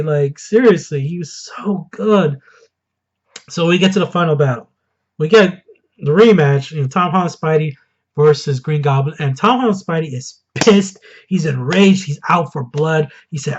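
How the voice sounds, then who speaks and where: A man giving a casual, excited film review, gushing and bursting into loud enthusiasm now and then. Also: a little high, highs cut off. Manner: excited, gushing, quick swings into loud outbursts. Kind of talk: casual spoiler review monologue.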